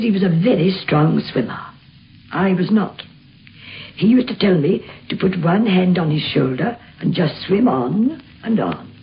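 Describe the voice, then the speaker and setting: A woman recalling an old friend in slow, gentle recollection, on a lo-fi 1950s radio recording with faint hiss. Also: on the low side, vocal fry. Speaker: interviewee reminiscing. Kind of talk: spoken recollection.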